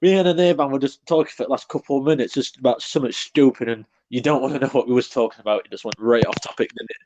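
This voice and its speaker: A man's voice: mid-range voice, rapid-fire, darkish tone, muffled recording. A British man co-hosting a casual online podcast, talking bluntly and rambling with British slang. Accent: British English. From Britain. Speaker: podcast co-host. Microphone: online call.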